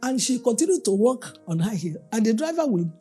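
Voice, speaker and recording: A woman's voice: on the high side, fairly quick, breathy edge, faint music behind. A woman pastor preaching a sermon, telling everyday stories and acting out the people in them. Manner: animated storyteller, acting out the people in her stories. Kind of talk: storytelling sermon.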